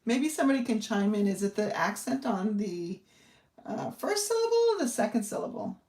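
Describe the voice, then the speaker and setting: A woman of medium pitch speaks at a normal speed in a sing-song, darkish voice, recorded from a distance in a reverberant room. She's demonstrating card-making live, keeping up a friendly, meandering chat and voicing her thoughts as she works.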